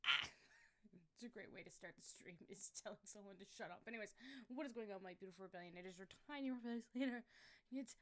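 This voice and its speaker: Bright, excitable woman streaming. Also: medium pitch, fast. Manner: excitable, swears freely, yelps when frustrated. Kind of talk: casual livestream chat.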